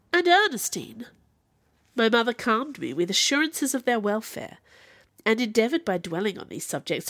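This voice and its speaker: A woman's voice: mid-range voice, no room sound. Woman narrating a classic novel, dry sound. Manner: expressive, dramatic in quoted speech. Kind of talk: audiobook reading of a classic novel.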